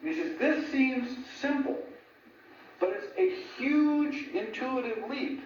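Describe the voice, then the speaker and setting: A man giving an informal lecture, animated, laughing at his own jokes and often asking "right?". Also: very high-pitched, slow, gravelly, a little hiss or hum. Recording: echoey room from a distant mic, dull sound.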